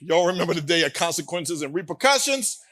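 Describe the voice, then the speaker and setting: A man's voice: a little high, big pitch swings, a little fast, fairly bright tone. A male pastor preaching a sermon, telling a story and then rising into emphatic exhortation with teasing asides to the congregation.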